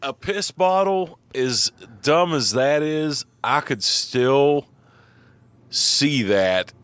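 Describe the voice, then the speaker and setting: A man's voice: mid-range voice, lively intonation, extremely slow, a bit bright, clear, resonant tone, dry recording. A man co-hosting a podcast in casual chat, swearing often and sounding incredulous. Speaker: podcast co-host.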